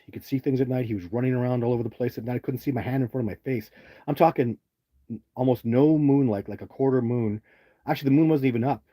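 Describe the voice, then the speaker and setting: A man's voice: fairly low pitch, mellow, breathy edge. A middle-aged man hosting a live stream, answering viewer questions in a rambling, earnest way with many restarts. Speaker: livestream host answering chat. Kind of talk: casual live chat. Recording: faint background noise.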